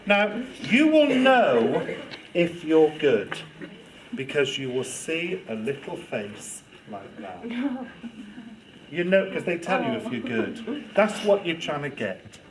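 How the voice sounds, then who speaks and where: A man runs a storytelling workshop, playful and demonstrative. His pitch swings broadly as he teases and acts things out, voice sitting a little high. The recording carries loud background noise. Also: big pitch swings, slow. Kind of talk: lively workshop talk to students.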